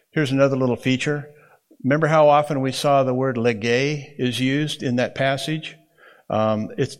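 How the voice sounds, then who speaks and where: A man teaching a Bible interpretation class, explaining in a folksy way and often checking in with the room. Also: medium pitch. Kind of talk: classroom lecture.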